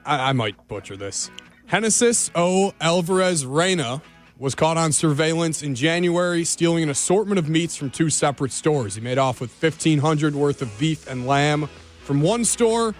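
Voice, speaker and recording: A male radio co-host reads a quirky news item in a slightly high voice, dropping puns with a wry touch. A faint music bed sits under the read. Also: expressive, moderate pace. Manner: wry, punning storyteller.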